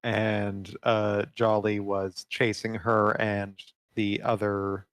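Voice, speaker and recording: Relaxed male game master recapping. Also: lowish voice, slow, no room sound. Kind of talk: session recap.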